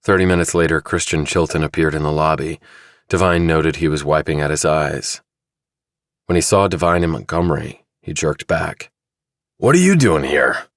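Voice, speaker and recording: A man narrating a thriller audiobook in a measured, even storytelling manner. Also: rumbling low, dry recording, clean studio sound. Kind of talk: scripted narration.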